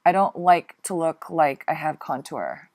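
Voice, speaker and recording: A woman's voice: low voice, a little slow, darkish tone. Chatty woman doing a makeup tutorial. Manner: chatty, flustered, apologetic; laughs often while talking. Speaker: beauty vlogger.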